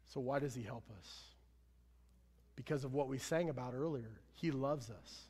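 A man preaching a sermon as pastor, earnest, swelling louder then dropping low at line ends. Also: normal speed, breathy edge. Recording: long hall reverb.

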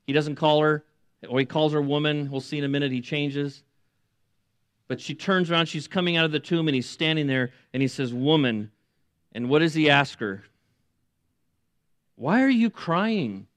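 A middle-aged man preaches a sermon in a slightly high voice, retelling scripture with dramatic voiced quotes that build to emotional peaks. The sound is close and dry, with no room around it. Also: fairly even intonation, brisk, a bit bright, no echo. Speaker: pastor.

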